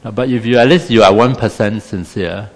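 A man's voice: on the low side, brisk, in a large hall. Wry Singaporean man teaching meditation. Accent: Singaporean English. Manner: wry, self-deprecating, chatty with tag questions.

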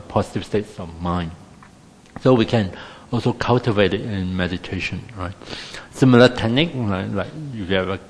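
A man with a Singaporean English accent teaches a meditation class in a wry, self-deprecating, chatty manner full of tag questions. His voice is low, and the sound suggests a big room.

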